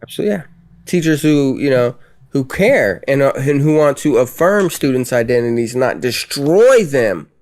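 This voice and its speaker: A man who works as a teacher, co-hosting a podcast in relaxed, halting casual chat. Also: medium pitch.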